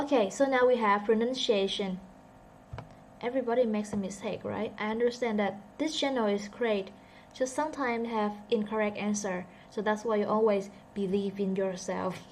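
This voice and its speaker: A woman's voice: fairly high pitch, slight background noise. A woman who speaks English as a second language (native Vietnamese) teaches a casual online English lesson, thinking aloud and joking about herself.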